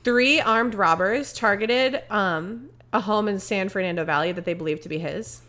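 A woman's voice: mid-range voice, moderate pace, a bit bright. Chatty young woman, rambling podcast storyteller. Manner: rambling, filler-heavy storytelling. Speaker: podcast co-host. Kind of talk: casual chat.

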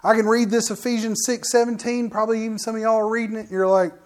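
A man delivering a relaxed, conversational sermon. He preaches in a folksy, animated way, often turning to the listeners with direct questions and asides. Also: high-pitched, fast.

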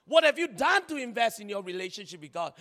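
A man preaching a sermon in a lively, chatty way, laughing often and acting out little scenes. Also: sits high, fast talker. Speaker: pastor. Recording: long hall reverb.

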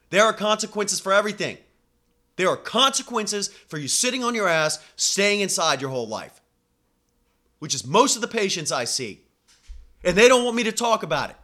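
A man's voice: high voice, pushed and bright. A young man, a home care nurse, delivering a blunt, profane podcast monologue with emphatic swearing.

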